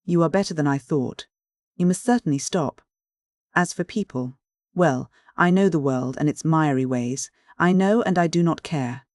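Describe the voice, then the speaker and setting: Male reader doing a proud, hot-tempered young lady, pitched up, dry close sound. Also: moderate pace, no room sound, close to an everyday voice. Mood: tender. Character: impetuous, proud young lady, easily angered.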